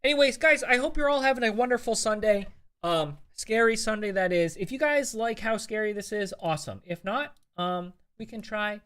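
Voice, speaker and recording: This live-stream host, a young adult with a creaky, mid-range, somewhat bright voice, chats loosely with viewers. Frequent swearing, filler words and restarts run throughout.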